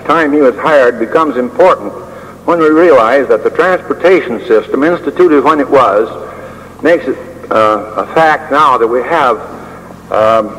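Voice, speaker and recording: A man's voice: medium pitch, a bit bright. Older man speaking in a reverberant hall. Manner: measured, with dry humor and frequent uh pauses. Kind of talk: prepared speech. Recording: long hall reverb with faint hiss.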